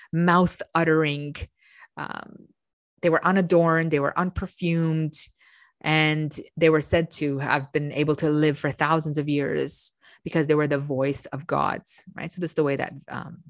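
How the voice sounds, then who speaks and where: A woman's voice: deep voice, no echo, clean studio sound. A woman hosting a chatty lecture, ranting at times and often restarting her words. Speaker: host. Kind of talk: casual lecture.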